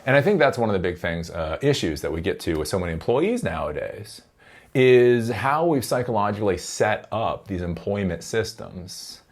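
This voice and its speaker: A man's voice: on the low side, expressive, moderate pace. A man giving casual vlog commentary, rambling, swearing and laughing often. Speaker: tech commentator.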